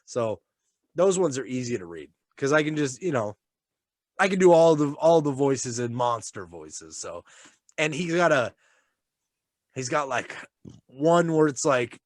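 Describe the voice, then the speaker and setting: A man's voice: mid-range voice, very animated, unhurried, long pauses, dry recording, clean studio sound. A man co-hosting a casual chat. He talks animatedly, swears freely and laughs often. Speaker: podcast co-host and father.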